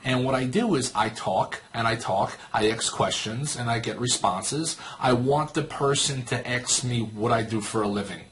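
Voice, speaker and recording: A man's voice: medium pitch, normal speed, hardly any pauses, a bit bright, a little hiss or hum. A man in his thirties giving a sales training talk, telling a story and acting out both sides of the dialogue. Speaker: network marketing trainer.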